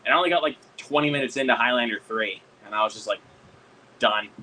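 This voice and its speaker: A man streaming a casual hangout chat, excitable, swearing a lot and laughing often. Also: mid-range voice, racing, slight background noise, low-quality recording.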